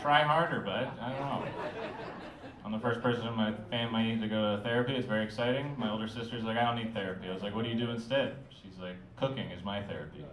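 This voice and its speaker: A man's voice: fairly low pitch, steady tone, distant mic, a crowd in the background. Mumbling man doing stand-up in a roomy club. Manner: mumbling, offhand delivery with filler pauses. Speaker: stand-up comedian. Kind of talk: stand-up set. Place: comedy club stage.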